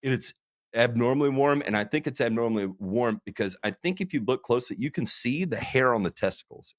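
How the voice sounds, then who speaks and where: A man's voice: mid-range voice, expressive, a little fast, no echo, clean studio sound. A man hosting a charity livestream, talking casually in a candid, profane, self-deprecating way. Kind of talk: casual chat.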